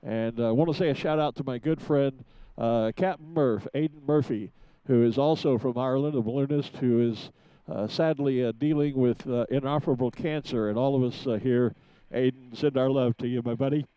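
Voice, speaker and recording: A man giving chatty live commentary from a rooftop studio, pausing often with fillers. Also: mid-range voice, mellow, clear, resonant tone, dry recording, dull audio. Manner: chatty, hesitant with many fillers. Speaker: event commentator.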